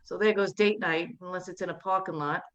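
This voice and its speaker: A woman from Staten Island doing a stand-up comedy set, chatty, with quick asides and flat, low-voiced impressions of her family. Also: dull audio. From Staten Island, New York.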